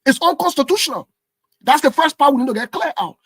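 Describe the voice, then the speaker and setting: A man's voice: very high-pitched, lively intonation, quick pace, fairly bright tone, dry recording. A man, arguing a constitutional point in a heated political debate and insisting on finishing his point. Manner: insistent, holds the floor with repeated no's. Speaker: political commentator.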